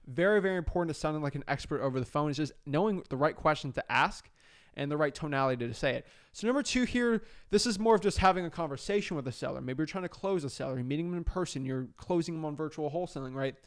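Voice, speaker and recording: A young man from South Florida giving a casual, energetic coaching talk with frequent fillers and restarts. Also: fairly high pitch, fast talker. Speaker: real estate wholesaling coach.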